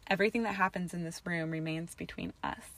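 A woman voicing a determined young witch who speaks softly and patiently but firmly in a storybook reading. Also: lowish voice, very animated, quick pace. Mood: stern. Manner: soft, patient and firm.

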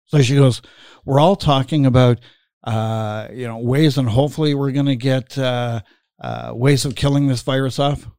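A man's voice: mid-range voice, steady tone, moderate pace, darkish tone, clean tone, dry recording. Man, middle-aged, casual podcast host, rambling, lots of ums, chuckles, dry close sound. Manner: rambling, filler-heavy, laughs while telling stories. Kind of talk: casual chat.

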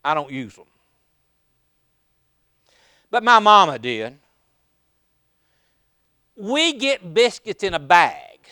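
A man preaching a sermon in a folksy, storytelling way that builds to impassioned, shouted passages. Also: high voice, very animated, takes it slowly, pauses often, clear, resonant tone, no echo, clean studio sound.

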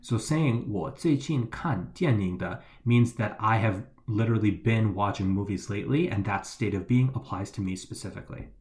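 A man's voice: on the low side, moderate pace, few pauses, darkish tone. A man co-hosting a Mandarin lesson, explaining phrases in a friendly, explanatory way. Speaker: co-host teaching Mandarin.

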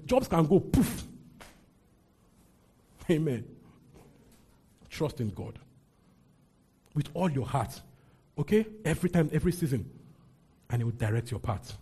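A male pastor delivers a lively sermon, calling on the congregation to read scripture aloud with him. His voice sits a little high but sounds mellow and warm, with a husky edge. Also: a little slow, long pauses. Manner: call-and-response preaching, leads congregation reading aloud. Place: church with a congregation.

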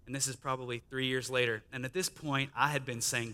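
Man, chatty preacher telling his story, bright tone, long hall echo. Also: medium pitch, flat delivery, fairly quick. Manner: conversational storytelling with quoted dialogue and laughter. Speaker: guest speaker sharing testimony. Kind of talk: testimony sermon. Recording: reverberant church hall.

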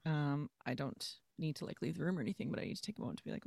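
Woman, low voice, dry close sound, playful chatty podcast co-host. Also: fast talker, creaky, no echo. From Canada. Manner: chatty, playful, laughs often, many fillers. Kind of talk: casual podcast chat.

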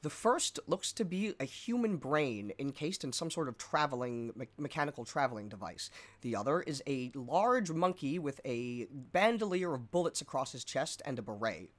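A man narrating a tabletop game as game master, relaxed with fillers. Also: mid-range voice, moderate pace, few pauses.

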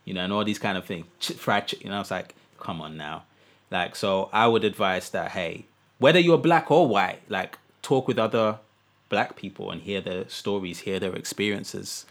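A man co-hosting a podcast, talking eagerly in quick bursts with restarts. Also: on the low side, a bit bright. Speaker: podcast co-host. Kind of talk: casual chat.

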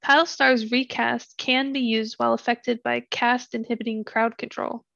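A woman with a slightly high, gravelly voice reads game numbers steadily, like a podcast co-host working through notes. The sound is dry and a little dull, as from a modest home mic. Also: normal speed, dry recording. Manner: steady, methodical reading of numbers. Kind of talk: reading game stats in casual chat.

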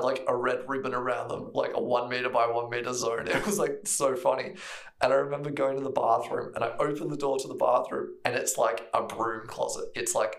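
A man's voice: medium pitch, reverberant. A man from Australia with an Australian accent, co-hosting a casual chat and telling a long story, often laughing and slipping in bits of other people's voices. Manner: rambling, laughs often, mimics people in stories. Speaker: podcast co-host.

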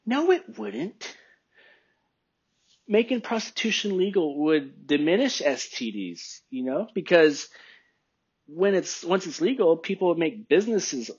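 A man's voice: fairly high pitch, slightly rough, lo-fi sound. A man in a casual opinion monologue, rambling and thinking aloud, often questioning himself.

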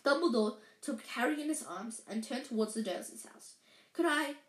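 A woman's voice: a little high, expressive, normal speed. A woman reading a storybook aloud in an unpolished way, often stumbling and correcting herself. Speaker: reader. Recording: echoey room.

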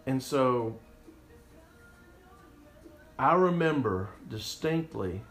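A man of middle pitch tells a long personal story, wandering and conversational, often circling back on his words. His voice rings with a roomy echo, and faint music plays underneath. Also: expressive, drawn-out words, fairly bright tone. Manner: rambling and conversational, with restarts.

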